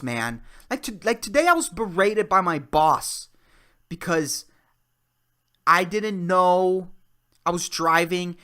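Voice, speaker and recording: A man in his twenties hosting a solo podcast, ranting in a profane, excitable way and peppering his talk with "dude" and "man". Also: high voice. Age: 20s. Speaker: podcast host. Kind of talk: solo comedic rant.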